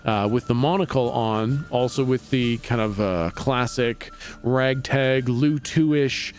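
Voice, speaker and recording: A man's voice: medium pitch, slow pace, soft background music. A man narrating as game master of a tabletop game, rambling and casual. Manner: rambling, casual, with fillers and profanity.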